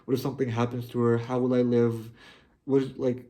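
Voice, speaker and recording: A young man talking to his viewers, heartfelt and halting, often restarting his sentences. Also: mid-range voice, level tone, warm tone. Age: young adult. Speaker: vlogger. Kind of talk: personal reflective monologue.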